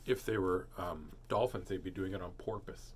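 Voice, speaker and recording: A man's voice: sits low, moderate pace, slight background noise. A man reading a children's storybook aloud, doing playful character voices and joking asides. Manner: playful, jokey asides and puns. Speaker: storybook reader.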